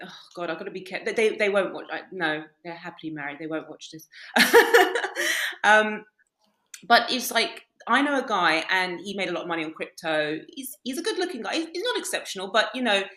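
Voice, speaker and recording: Fast and forceful, a woman with a bright, medium-pitched voice swings widely in pitch while telling blunt stories as a podcast guest. This dating coach swears freely and laughs often in a casual conversation with a roomy sound.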